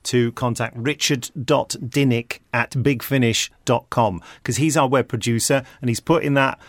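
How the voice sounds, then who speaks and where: A man's voice: mid-range voice, fairly even intonation, normal speed, no room sound. An English man hosting a casual podcast chat, joking around and slipping into silly voices. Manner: jokey, bursts into put-on voices. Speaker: podcast host, audio drama director.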